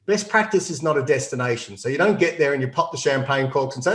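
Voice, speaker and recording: A man's voice: medium pitch, expressive, fast talker, a bit bright, echoey room. A man from Australia, a company CEO answering interview questions in a confident, explanatory way and laughing often. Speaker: CEO guest. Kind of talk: business interview.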